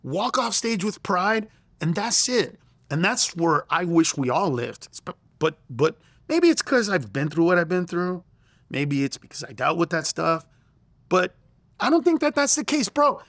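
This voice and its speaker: A man's voice: high-pitched, sing-song, unhurried, a bit bright, dry recording. A middle-aged man, a comedian guest in an interview, telling stories in an emphatic, profane way with stammering restarts. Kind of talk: animated interview storytelling.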